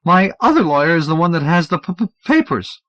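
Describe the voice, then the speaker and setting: Man putting on a high, stammering frantic man. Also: sing-song, a little fast, bright, forceful tone, dry recording. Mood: nervous. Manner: stutters on first sounds. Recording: dull, dry audiobook recording.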